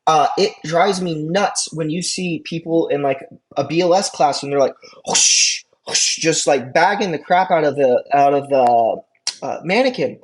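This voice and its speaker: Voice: medium pitch, normal speed. An EMT course instructor giving a classroom lecture in a casual, chatty way, with conversational asides and frequent check-ins with the class.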